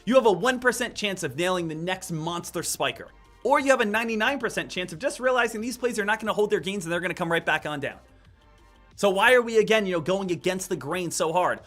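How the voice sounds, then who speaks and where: A man giving live stock trading commentary in an energetic way, hammering home points with repeated phrases. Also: high-pitched, quick pace, soft background music.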